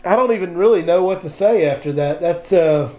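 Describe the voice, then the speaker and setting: A man hosting a casual fishing podcast, excitable and laughing a lot. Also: high voice, a little fast. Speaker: podcast host. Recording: dull lo-fi podcast audio.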